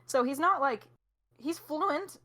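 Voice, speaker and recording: A woman's voice: high voice, takes it slowly. Young woman explaining casually. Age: young adult. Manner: relaxed and explanatory, laughs often. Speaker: guest, indie game developer. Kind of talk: casual interview chat.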